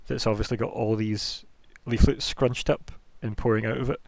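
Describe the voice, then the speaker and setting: A man's voice: fairly low pitch, little pitch movement, normal speed, vocal fry, very noisy. A young man narrating as game master in a casual, joking way, laughing often.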